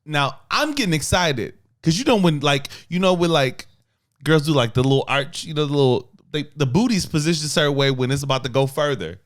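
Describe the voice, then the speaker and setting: A man's voice: on the high side, lively intonation, fairly quick. A man co-hosting a podcast, bantering and joking in casual conversation with his partner. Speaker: podcast co-host. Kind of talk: casual couple chat.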